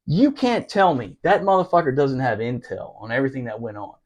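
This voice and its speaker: In casual podcast talk, a man with a medium-pitched voice tells a rough, profane story from his military days. He's animated, laughing and tossing off quick impressions and fast asides.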